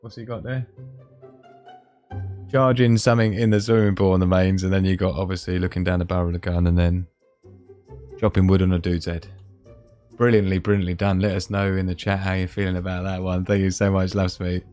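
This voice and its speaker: A man's voice: low-pitched, level tone, brisk, a little mellow, soft background music. A man hosting a casual live stream, chatting and laughing as he reads out memes. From Scotland.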